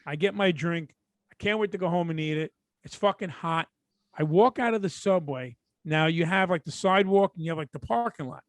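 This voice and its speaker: A man from Brooklyn, co-hosting a podcast and telling an animated, profane story that acts out the people in it. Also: on the high side, a little fast, no echo. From Brooklyn, New York. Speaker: podcast co-host.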